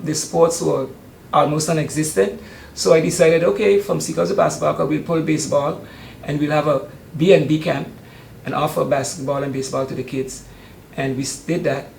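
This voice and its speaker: An older man talks about his youth camp in a relaxed, hesitant way. His voice is gravelly and slightly high for a man. The sound is roomy, with faint noise behind him. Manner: chatty and warm, often hesitating with ums. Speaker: youth sports camp organizer. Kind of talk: casual interview.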